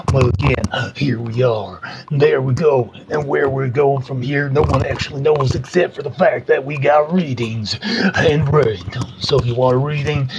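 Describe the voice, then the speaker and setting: A man's voice: medium pitch, background noise. A man hosting a live stream, rambling playfully and doing tarot readings for viewers. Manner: playful, rambling, self-mocking.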